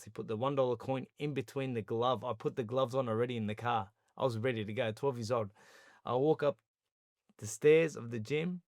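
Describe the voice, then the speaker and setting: As a podcast guest, an Australian man tells his story with animated energy, slipping into the voices of the people he quotes. His voice sits at an ordinary middle pitch for a man. The recording is close and dry, with no room sound or echo.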